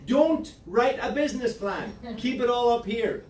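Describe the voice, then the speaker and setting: A man's voice: extremely high pitch, measured pace, a crowd in the background. A man with an Irish accent from Ireland, leading a real estate team meeting in an office with playful, sarcastic teasing. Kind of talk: motivational team meeting talk. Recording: echoey room from far off, noisy.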